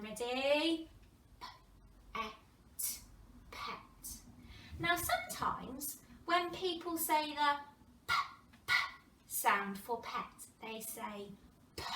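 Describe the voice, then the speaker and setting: A woman with an English accent teaching a phonics lesson to young children, sounding out words slowly and with a lot of expression. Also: a little high. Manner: animated, exaggerated sounding-out of words with gasps and whispers. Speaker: primary school teacher. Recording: roomy distant mic, faint background noise.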